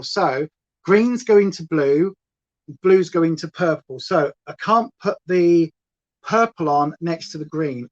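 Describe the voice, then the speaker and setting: A woman hosting a chatty makeup livestream, rambling playfully and reading chat aloud. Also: fairly low pitch. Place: at home. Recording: slightly dull lo-fi sound.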